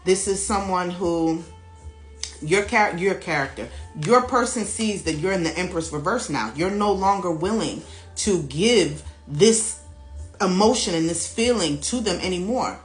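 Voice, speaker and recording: A woman reading tarot cards for her viewers in a casual, animated, chatty way, laughing often and speaking straight to them. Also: fairly low pitch, unhurried. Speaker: tarot reader. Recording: echoey room with faint music behind.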